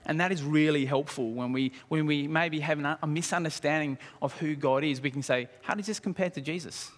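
A man with a fairly high voice delivers a sermon with animated energy. He acts out the story and throws questions to his listeners. His words ring on in a large reverberant hall. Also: fairly quick. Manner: animated, acts out scenes, asks the congregation questions. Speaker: preacher.

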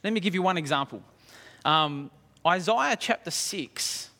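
A man with a fairly high voice delivers a sermon with animated energy. He acts out the story and throws questions to his listeners. His words ring on in a large reverberant hall. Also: measured pace. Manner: animated, acts out scenes, asks the congregation questions. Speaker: preacher.

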